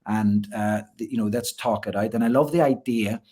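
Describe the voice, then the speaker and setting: A man's voice: on the low side, normal speed, dark tone, husky. A man, a gymnastics coach, talking earnestly as a guest in a casual interview, often repeating words as he restarts.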